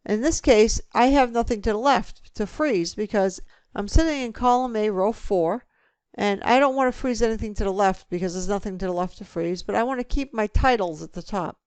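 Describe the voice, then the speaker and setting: Woman with a smooth, dry voice explaining step by step. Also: mid-range voice, moderate pace, no echo. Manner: relaxed step-by-step explaining, talking through each click. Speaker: instructor. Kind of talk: screen-recorded software tutorial.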